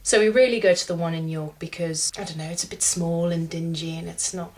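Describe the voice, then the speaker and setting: A woman's voice: fairly low pitch, steady tone, fairly quick. A young woman, chatting casually to camera, rambling with fillers as she tells a story. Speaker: vlogger.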